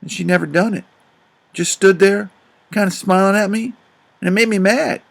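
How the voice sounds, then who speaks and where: A man doing Jim, a gravelly grieving father. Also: sits high, steady tone, moderate pace. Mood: remorseful. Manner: drawling, swells to loud outbursts. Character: grieving remorseful grown father, rough and tender. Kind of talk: audiobook character reading.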